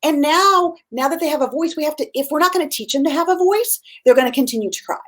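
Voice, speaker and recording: A middle-aged woman parenting coach chatting casually, lively and acting out quoted dialogue in changing voices. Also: high-pitched, fast talker. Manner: animated, acts out quoted dialogue in shifting voices. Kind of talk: casual chat.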